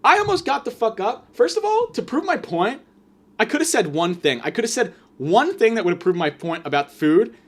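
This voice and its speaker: A man's voice: sits high, moderate pace. A young man telling a story in a profane, sarcastic rant, hosting his own show. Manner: profane, sarcastic, animated ranting. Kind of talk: ranting storytelling monologue.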